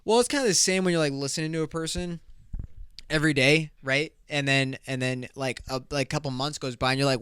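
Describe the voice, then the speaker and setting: A man's voice: mid-range voice, normal speed, a bit bright, clear, resonant tone, dry recording, studio quality. A man hosting a podcast, telling a story in loose, profane, casual talk and laughing often. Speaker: podcast host.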